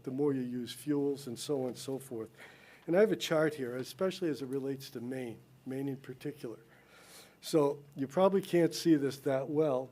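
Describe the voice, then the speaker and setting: A man's voice: mid-range voice, warm tone. A man with a slight lisp giving an earnest public comment at a town council meeting, explaining a policy idea with frequent restarts.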